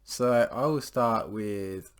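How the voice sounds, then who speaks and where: A man's voice: lowish voice, slow, smooth. A man casually telling crude stories, rambling, swearing freely and laughing as he goes. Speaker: storyteller host.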